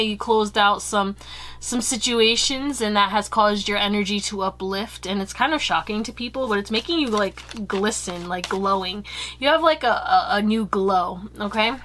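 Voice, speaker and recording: A woman's voice: medium pitch, fairly bright tone, a little hiss or hum. A woman giving a casual pick-a-card tarot reading, chatty and blunt, swearing freely and giggling.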